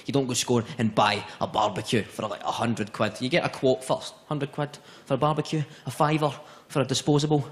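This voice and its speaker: A man compering a comedy night, talking loudly and punchily to the audience. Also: mid-range voice, slight background noise. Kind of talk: stand-up comedy hosting. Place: comedy club stage.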